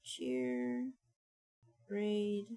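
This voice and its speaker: A woman's voice: mid-range voice, very animated, extremely slow, mellow. A woman streamer chatting casually and thinking aloud, often mumbling to herself at a desk microphone. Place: home streaming setup.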